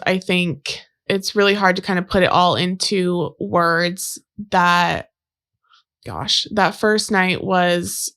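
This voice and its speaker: A young adult woman, a podcast guest, tells a personal relationship story in a casual, conversational way, full of fillers and quoted exchanges. Her voice is fairly low in pitch and a bit bright.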